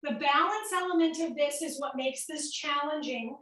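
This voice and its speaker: A woman's voice: high-pitched, moderate pace, a bit bright, very echoey, far from the mic, poor audio. A woman fitness instructor with a Midwestern accent, upbeat and a little breathless as she cues moves while exercising along with a home workout class. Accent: American Midwestern.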